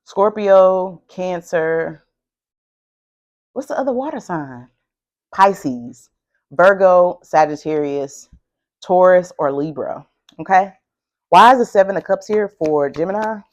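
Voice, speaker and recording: A woman giving a casual tarot reading who talks in an excitable, emphatic way and swears a lot. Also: fairly low pitch, slow, long pauses, muffled recording. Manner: excitable, emphatic and heavily profane. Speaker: tarot reader.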